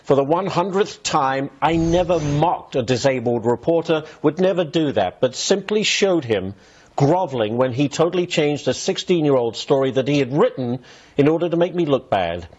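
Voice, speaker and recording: A man's voice: a little high, expressive, moderate pace, a little mellow, husky. A man with a British accent, a business news anchor reading quotes aloud on television. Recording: dull broadcast clip.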